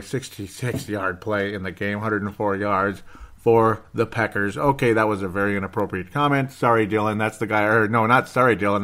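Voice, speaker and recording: A man's voice: on the low side, a bit bright. Sarcastic rambling male sports host. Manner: sarcastic, rambling, given to mock despair. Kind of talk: casual sports commentary.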